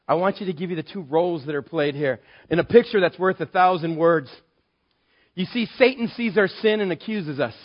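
A man's voice: sits high, a little fast. A man preaching a sermon with a lot of drama, acting out voices as he tells the story. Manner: dramatic, acts out voices of Satan and God. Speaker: pastor. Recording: muffled lo-fi sermon recording.

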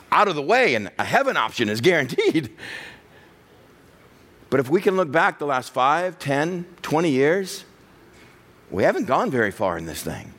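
A middle-aged male pastor preaches a sermon, telling a personal story and acting out the voices of the people in it. His voice is a little high with a fairly bright tone.

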